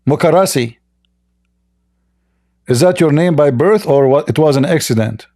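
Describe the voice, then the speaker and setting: A man's voice: fairly high pitch, normal speed, mellow. A man hosting a live online debate, mocking and combative, often laughing at his opponents. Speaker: debate host.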